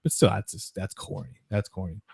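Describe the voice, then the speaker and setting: A man's voice: fairly low pitch, steady tone, darkish tone, husky, dry recording, studio quality. A man hosting a sports podcast, chatting casually about sports news in a rambling way, with lots of restarts. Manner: rapid, rambling, with frequent restarts and mocking quoted voices.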